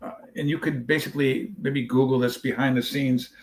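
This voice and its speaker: Man, charity founder, storyteller, acts out dialogue, mid pitch. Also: steady tone, fairly quick, a little hiss or hum. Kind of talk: telling a story in a podcast interview.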